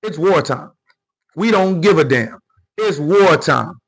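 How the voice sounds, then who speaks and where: A man's voice: fairly high pitch, expressive, slow pace, slight background noise, poor audio. A man hosting a live commentary stream, ranting in a heated, profane, repetitive way and reading out viewer comments. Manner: reads viewer comments aloud. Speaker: livestream commentary host.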